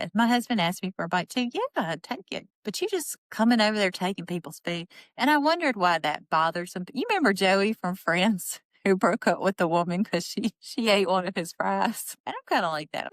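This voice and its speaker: A woman hosting a podcast, recapping a reality show in a chatty, indignant way and quoting people in lively voices. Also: on the low side, no echo. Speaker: podcast host. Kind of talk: casual commentary on a reality show.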